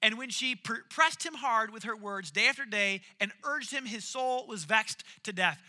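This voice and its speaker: A man preaching a sermon, retelling a story in an animated, jokey way. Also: very high voice, fairly quick, hardly any pauses.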